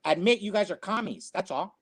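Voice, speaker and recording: A man's voice: high-pitched, lively intonation, brisk, creaky, breathy edge. A man giving opinionated commentary, emphatic and preachy, repeating his phrases for effect. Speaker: co-host.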